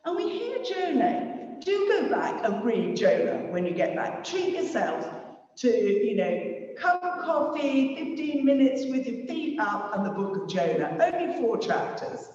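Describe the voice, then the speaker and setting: A man with a very high voice preaches in an unhurried, conversational way and puts rhetorical questions to his listeners. He sounds far from the mic in a big, echoing church hall, and the recording is dull and muffled. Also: big pitch swings, darkish tone. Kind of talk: sermon. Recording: distant, roomy, dull long-reverb hall sound.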